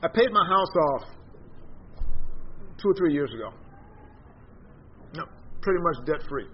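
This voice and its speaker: A man's voice: fairly high pitch, expressive, unhurried. A man teaching an informal Bible class, talking conversationally and emphatically and putting questions to the group. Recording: dull lo-fi recording with faint noise.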